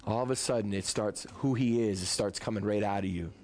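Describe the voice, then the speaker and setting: A man preaching a sermon in a church, moving between lively, joking talk to the congregation and soft, hushed prayer. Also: lowish voice, fairly quick. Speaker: pastor.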